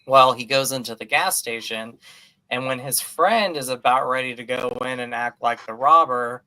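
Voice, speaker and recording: A man co-hosting a podcast, chatting casually about movies in an animated, gushing way with lots of fillers. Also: mid-range voice, moderate pace. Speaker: podcast co-host.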